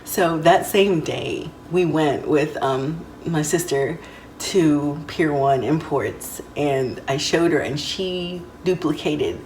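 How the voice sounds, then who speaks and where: A woman talking through a casual vlog, heartfelt and rambling with lots of fillers. Her voice sits a little low and comes from some way off the mic. The room is echoey, with faint ambience behind her. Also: takes it slowly, a little mellow, distant mic, a little hiss or hum. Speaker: vlogger.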